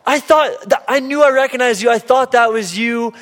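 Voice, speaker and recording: Man doing a young cashier woman, nervous, puzzled, high-pitched, long reverb. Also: moderate pace, a bit bright.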